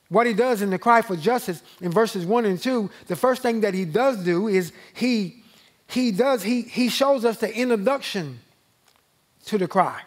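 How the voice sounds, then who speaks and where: A male pastor teaches a Bible study in a high, slow, emphatic voice. He repeats his main phrases and lifts his voice as he reads scripture aloud. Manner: rises and slows when reading scripture aloud.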